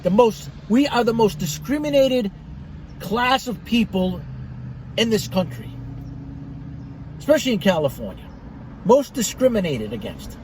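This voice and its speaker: A man's voice: sits high, big pitch swings, a little slow, long pauses, darkish tone, a little hiss or hum, rough recording. Blunt, rambling middle-aged man. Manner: blunt and profane, with rambling asides. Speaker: cigar reviewer. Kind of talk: casual rambling monologue.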